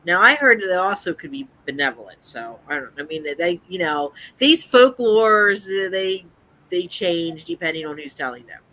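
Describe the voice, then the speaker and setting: Stream host, crisp bright tone; casual live chat, reads folklore text with restarts. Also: medium pitch, lively intonation, normal speed, poor audio. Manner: reads from an article with frequent restarts.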